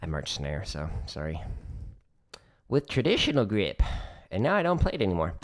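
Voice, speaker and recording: A man's voice: low voice, huge pitch swings, moderate pace. A man casually explaining drum exercises on his practice livestream, chatty and joking as he goes.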